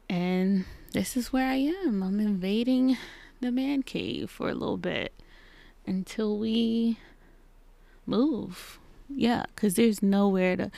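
Chatty woman podcaster with gravelly fry. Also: mid-range voice, no echo. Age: 30s. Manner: chatty, acts out quoted exchanges in animated voices. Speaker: podcast host. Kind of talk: casual solo podcast chat. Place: home basement podcast corner. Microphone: podcast microphone.

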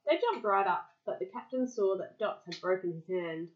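A woman with a lowish voice reads a picture book aloud to a child in a lively way, stopping to explain words and answer questions. The recording sounds lo-fi.

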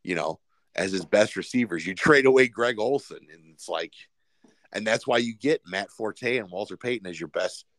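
A man's voice: fairly low pitch, moderate pace, a bit bright, no echo. A man co-hosting a casual sports podcast, rambling with many fillers and restarts. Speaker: podcast co-host.

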